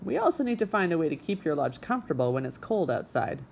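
A woman's voice: lowish voice, sing-song, fast talker, creaky, darkish tone, heavily acted. A woman voicing a stubborn, grumbling male beaver father with a folksy way of talking. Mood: gruff, folksy.

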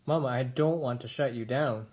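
A man's voice: mid-range voice, moderate pace, a little mellow, highs cut off, lightly acted. A man voicing a young male gosling in a storybook reading, anxious and curious with a worried, eager manner.

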